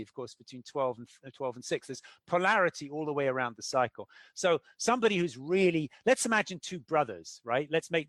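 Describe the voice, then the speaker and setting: Middle-aged male guest, storytelling explainer, fairly high voice, dry close mic. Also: no echo. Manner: animated storyteller, acts out quoted characters. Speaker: author interviewed as guest. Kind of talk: explanatory interview talk.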